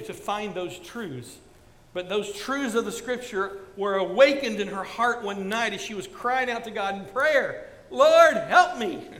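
A man around sixty preaching a sermon, earnestly repeating his points and going quiet when telling a personal story. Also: high-pitched, echoey room, big-room sound, slight background noise, rough recording. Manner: earnest, repetitive exhortation, drops soft for stories. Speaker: pastor.

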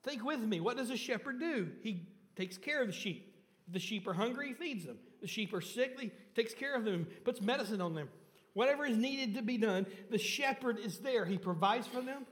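A man preaching a sermon to his congregation and asking them questions, rising for emphasis and then dropping low and soft on key points. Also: expressive, normal speed, long reverb tail. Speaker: pastor. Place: church sanctuary.

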